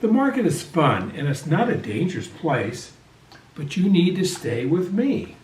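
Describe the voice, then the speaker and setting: Man doing a calm mama dog, gentle, easy pace, echoey room. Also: fairly high pitch, measured pace, far from the mic, a little hiss or hum. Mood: reassuring. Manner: gentle, reassuring. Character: calm, caring mother dog.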